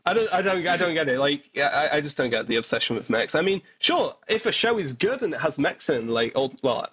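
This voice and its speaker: Husky guy on a podcast, kinda high voice, blunt, swears a lot, trips over his own restarts. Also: big pitch swings, a little fast, a bit bright. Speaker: podcast co-host. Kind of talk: casual chat.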